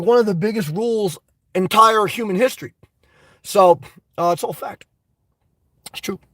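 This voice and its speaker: A man hosting a live stream, reading viewer chat and ranting excitedly with lots of cursing and rambling fillers. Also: sits high, dry recording, low-quality recording.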